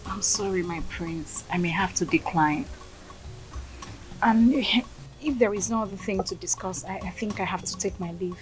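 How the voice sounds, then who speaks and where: A young village woman, played by a woman, answers softly. She is polite yet firm, and she keeps her distance. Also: medium pitch, moderate pace, faint music behind, lightly acted.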